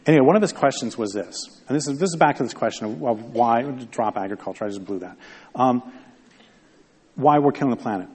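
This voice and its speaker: A man's voice: mid-range voice, animated, a little fast, darkish tone, husky. A man giving a conversational public talk to an audience, rambling and wry, often interrupting himself. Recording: long hall reverb.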